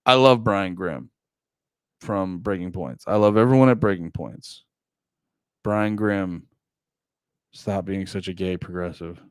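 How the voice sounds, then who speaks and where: A man's voice: a little slow, long pauses, smooth, no echo. Rambling male streamer, dry close sound. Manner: rambling, swings from mumbled asides to loud high-pitched outbursts. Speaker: streamer and political commentator. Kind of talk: casual livestream commentary.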